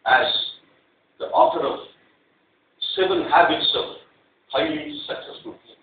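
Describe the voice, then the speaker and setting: Lively man giving a club speech. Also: high-pitched, measured pace. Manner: animated, acts out quoted outbursts. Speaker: club speaker. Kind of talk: prepared public speech with storytelling. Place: meeting room. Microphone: clip-on mic, distant recorder. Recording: very echoey, far off, phone-like and tinny, faint hiss.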